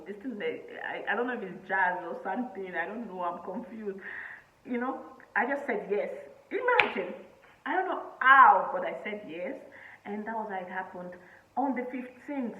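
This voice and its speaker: A woman in her twenties from Nigeria, telling a personal story to camera in a chatty, animated way, laughing often and using many fillers. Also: medium pitch, moderate pace, roomy sound, narrow, tinny audio. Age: 20s. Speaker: vlogger.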